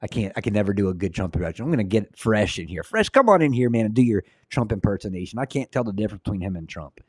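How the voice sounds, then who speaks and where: Earnest man with a low, dry voice. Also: sing-song, quick pace, dry recording. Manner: earnest, repeats words when starting sentences. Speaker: host of a Christian livestream show. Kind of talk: casual livestream commentary and prayer.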